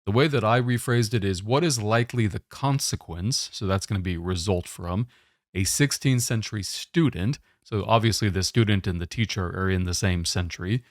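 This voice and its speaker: A man giving a test-prep lesson, explaining question types in a steady, methodical way. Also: deep voice, moderate pace, no echo, clean studio sound.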